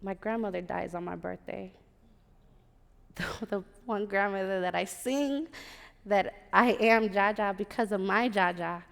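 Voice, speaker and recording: A woman in her thirties tells a personal story to a live theater audience, animated and acting out the other people's voices. Her pitch sits in the middle range, and the stage mic carries a long hall echo. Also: measured pace, vocal fry, clean tone. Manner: lively, animated, acts out quoted voices. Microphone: stage microphone.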